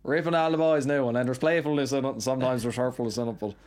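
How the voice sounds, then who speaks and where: A man with a Newfoundland accent, chatting casually as a podcast guest in a quick, rambling way, often tagging "right?" onto his sentences. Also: mid-range voice, steady tone, darkish tone. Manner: rapid, rambling storyteller with frequent "right?" tags. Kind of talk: casual chat.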